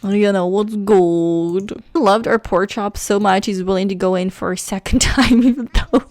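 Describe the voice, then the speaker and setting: A woman giving casual let's play commentary, excitable and chatty, gushing about her game characters. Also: mid-range voice, fairly quick, no echo.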